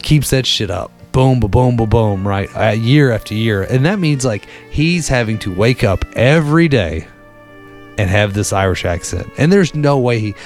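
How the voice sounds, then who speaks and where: A man's voice: fairly low pitch, a little mellow. Laid-back man telling a rambling story. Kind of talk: casual storytelling.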